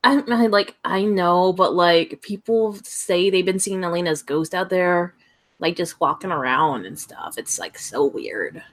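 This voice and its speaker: A woman voicing a gossipy teenage boy classmate who whispers rumors in a hushed, rambling teen drawl. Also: on the low side, animated, a little slow. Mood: conspiratorial. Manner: hushed, conspiratorial, filler-heavy teen talk.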